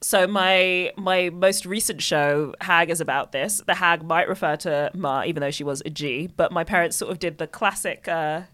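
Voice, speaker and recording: A woman's voice: on the low side, normal speed, hardly any pauses, fairly bright tone. Laughing woman comedian telling stories. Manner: playful storytelling, laughs often. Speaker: guest comedian. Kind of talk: casual podcast chat.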